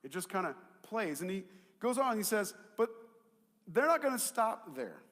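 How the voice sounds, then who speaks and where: Man, pastor, sermon, animated, loud peaks and quiet asides, joking asides, rhetorical questions, long church-hall reverb. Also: high-pitched, normal speed. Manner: conversational with jokes and rhetorical questions. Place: church auditorium.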